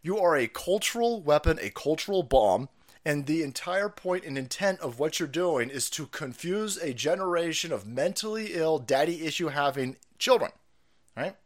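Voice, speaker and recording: Sweary guy ranting on his stream, voice goes all over the place, mutters then yells. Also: on the high side, lively intonation, moderate pace. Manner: foul-mouthed, loud, laughing, jumps between mumbling and yelling.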